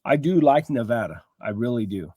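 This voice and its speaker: A man's voice: medium pitch, expressive, moderate pace, warm tone, husky, no room sound. A man co-hosting a casual chat over a video call, bantering and teasing.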